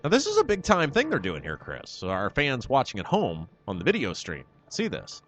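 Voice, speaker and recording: A man's voice: medium pitch, huge pitch swings, moderate pace, a bit bright, soft background music. Rambling male color commentator. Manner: rambling, joking asides. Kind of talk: live game commentary.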